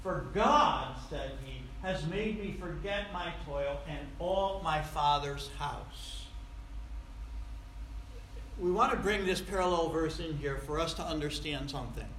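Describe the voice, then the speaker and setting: Man, pastor, sermon, high bright voice, emphatic, echoey room. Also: unhurried, a little hiss or hum. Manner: emphatic preaching with big swings in loudness.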